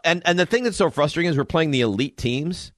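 A man's voice: on the high side, quick pace, no echo, clean studio sound. A man co-hosting a casual chat, telling self-mocking stories about coaching a youth basketball team. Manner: animated, self-mocking storytelling.

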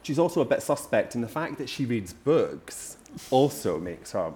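A man hosting a casual book podcast. He talks in a playful, teasing way at a middle pitch, with faint noise in the background behind his voice. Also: very animated, moderate pace, dark tone. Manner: playful and chatty. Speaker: podcast host. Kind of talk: casual chat.

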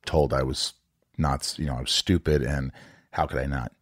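A man's voice: rumbling low, steady tone, normal speed, dry recording, clean studio sound. A man hosting a podcast interview, talking frankly and confessionally, swearing casually and stumbling into restarts. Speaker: podcast host. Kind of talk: candid interview conversation.

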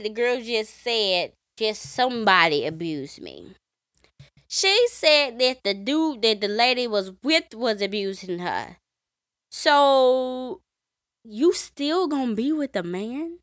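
A woman's voice: on the high side, very animated, a bit bright, dry recording, studio quality. Woman retelling stories on a podcast. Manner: conversational, recounting stories with frequent fillers and quick asides. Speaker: podcast co-host. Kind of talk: casual storytelling chat.

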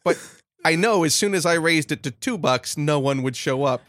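A man who is a guest on a podcast, chatting casually in a quick, wry and self-deprecating way. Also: a little high, a bit bright, dry recording. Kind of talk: casual chat. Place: podcast studio.

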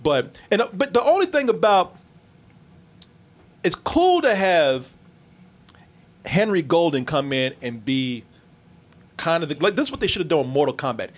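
A man co-hosting a casual movie talk, animated and profane, laughing often and acting out scenes. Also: a little high, normal speed, long pauses. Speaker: movie review podcast co-host. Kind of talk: casual chat.

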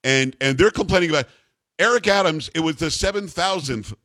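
A man hosting a talk radio show, emphatic and incredulous, tripping over his words when excited. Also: fairly high pitch, a little fast, no echo.

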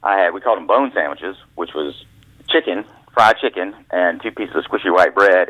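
A low-voiced man, an author who once worked as a caddy, rambles through folksy stories as a guest on a phone interview, restarting himself along the way. The call comes through a tinny, dry telephone line.

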